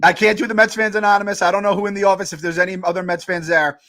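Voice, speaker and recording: A man's voice: sits high, level tone, very fast, pushed and bright. A man co-hosting a sports podcast from afar, joking and rambling, with plenty of swearing. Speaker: podcast co-host. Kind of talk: casual sports chat. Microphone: remote call.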